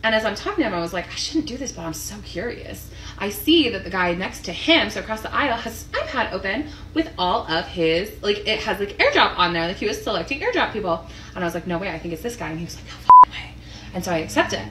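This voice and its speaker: A woman telling an anecdote in a casual, animated way, acting out what people said. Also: mid-range voice. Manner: animated, acts out quotes. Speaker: caller telling a story. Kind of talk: casual storytelling. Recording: roomy, distant, noisy.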